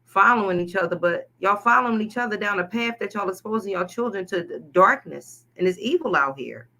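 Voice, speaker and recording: A woman co-hosting a casual talk show, speaking in an animated, outspoken, slangy way. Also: mid-range voice, brisk. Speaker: co-host. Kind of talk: casual chat.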